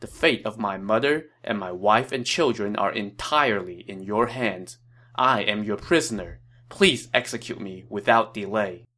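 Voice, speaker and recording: A man's voice: lowish voice, normal speed, pushed and bright. A man voicing a proud, defiant male advisor, quoted firmly in an audio story. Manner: firm, plainly quoted lines. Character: Chen Gong, proud defiant male advisor facing execution.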